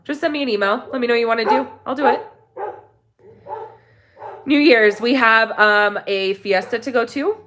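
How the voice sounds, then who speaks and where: A woman vlogger living in Mexico, chatting casually and warmly to her viewers, rambling with many ums and restarts. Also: fairly high pitch, normal speed, long pauses, background noise. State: tearful near the end. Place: home in Mexico.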